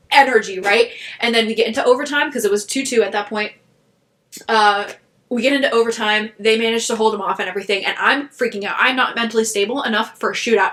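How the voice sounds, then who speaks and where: Bright, excitable woman podcast co-host. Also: on the high side. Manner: excited, rambling storytelling. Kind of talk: casual chat.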